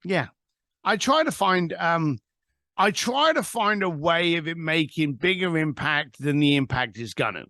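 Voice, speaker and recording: A man's voice: on the high side, lively intonation, a little slow, bright, forceful tone, dry recording, studio quality. A man, a guest telling an anecdote in an interview. He acts out both sides of a phone call. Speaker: guest, author. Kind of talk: storytelling interview.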